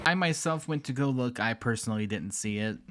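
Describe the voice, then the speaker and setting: A man's voice: medium pitch, animated, brisk, a bit bright, a little hiss or hum. A man commenting on a livestream clip with wry, sarcastic asides. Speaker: reaction commentator.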